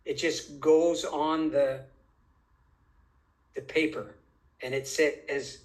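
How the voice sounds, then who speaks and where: A man's voice: on the high side, steady tone, rough recording. A man speaking as an interview guest, making his point emphatically and drawing out phrases as he poses rhetorical questions. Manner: deliberate, drawn-out phrasing. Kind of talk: conversational interview.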